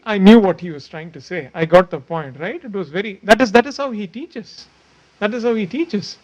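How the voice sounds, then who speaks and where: High-voiced man telling a spiritual anecdote. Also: normal speed. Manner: self-deprecating storytelling with frequent repeats. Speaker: disciple recounting memories of his teacher.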